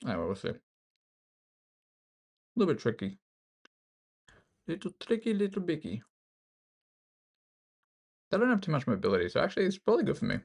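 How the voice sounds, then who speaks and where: A man's voice: mid-range voice, wildly swooping pitch, rapid-fire, creaky, pauses often. A man with an Australian accent thinking aloud as he plays chess, joking and poking fun at himself. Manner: jokey, thinks aloud, self-mocking. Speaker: chess streamer. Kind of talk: casual commentary while playing online chess.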